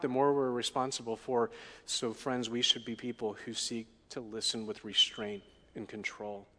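A man preaching a sermon in a middle-pitched voice, putting questions to the congregation as he goes. His voice carries a long reverb from the hall. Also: fairly bright tone. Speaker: pastor.

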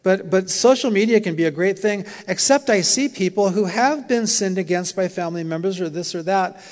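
A man's voice: high-pitched, normal speed. A male pastor preaching a sermon in a conversational, storytelling way with light humor. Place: church. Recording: long reverb of a church hall.

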